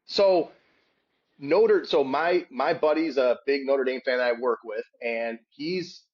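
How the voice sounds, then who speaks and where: Animated storytelling man, lo-fi sound. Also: slow. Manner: animated, shouts quoted hecklers in a high voice. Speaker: podcast guest. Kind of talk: casual storytelling. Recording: dull lo-fi sound.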